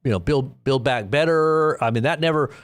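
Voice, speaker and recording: A man's voice: mid-range voice, moderate pace, clean tone. A middle-aged man hosting a live online news commentary show, talking in a sarcastic, rambling way and reading quotes aloud with mocking emphasis.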